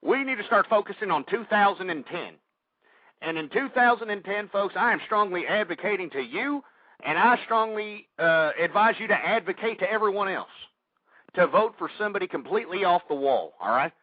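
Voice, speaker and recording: A man's voice: high voice, animated, brisk, no room sound. A man with a Texan accent hosting a political talk radio show, ranting heatedly, swearing and repeating himself. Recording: dull lo-fi radio recording.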